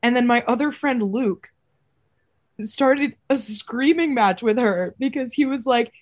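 A young woman co-hosting a casual podcast over a video call, telling a rambling, animated story. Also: on the high side, normal speed. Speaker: podcast co-host. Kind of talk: casual chat.

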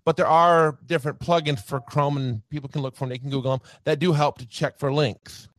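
Animated higher-voiced man as podcast guest. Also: brisk, dry recording, clean studio sound. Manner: animated, laughs often, uses many fillers like "right" and "you know". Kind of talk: casual chat.

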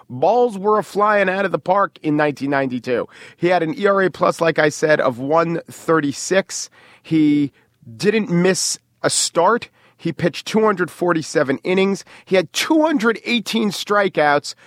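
A man co-hosting a podcast, talking in an animated, emphatic way. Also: on the high side, no echo, clean studio sound. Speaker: podcast co-host. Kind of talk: casual chat, reading a prepared segment.

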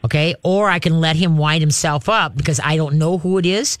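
A man's voice: a little high, brisk, dry recording. A middle-aged man who trains dogs, giving rambling, chatty advice to a caller with lots of "you know"s. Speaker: dog trainer. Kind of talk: call-in advice.

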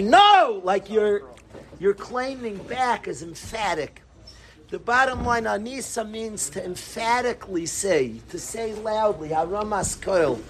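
Animated rabbi teaching Torah. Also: male voice, high-pitched, slight background noise. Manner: animated, shifts between soft and emphatic; sprinkles Yiddish and Hebrew words. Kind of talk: Torah lesson to a group.

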